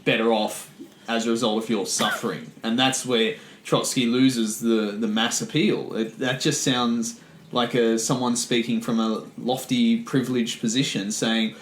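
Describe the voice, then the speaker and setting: A man's voice: on the low side, roomy sound, a little hiss or hum, poor audio. A man co-hosting a history podcast, explaining events in casual chat. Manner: explanatory, with fillers and restarts. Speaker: podcast co-host.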